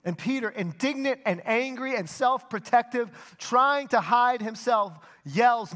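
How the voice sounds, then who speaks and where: Young adult male pastor, earnest sermon delivery, fairly high voice, soft dramatic drops. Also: animated, moderate pace, few pauses.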